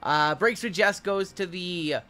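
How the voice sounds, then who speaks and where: Bright-voiced man hosting a card break. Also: high voice, moderate pace. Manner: chatty, rambling, calls out cards. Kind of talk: casual live-stream chat.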